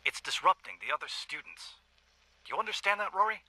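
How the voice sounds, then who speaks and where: A man's voice: sits high, very animated, fairly quick, bright, forceful tone, no echo, full character voice, rough recording. A man playing a stern, weary male schoolteacher, lecturing in a video game audio log.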